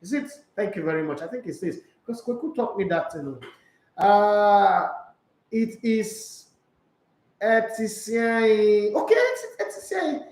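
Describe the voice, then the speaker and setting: A man's voice: high-pitched, animated, unhurried, darkish tone, roomy sound, low-quality recording. A man with a Nigerian accent hosting a casual sports chat, slipping into Pidgin as he reads out viewer comments. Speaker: sports show host. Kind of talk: casual live-stream chat reading comments.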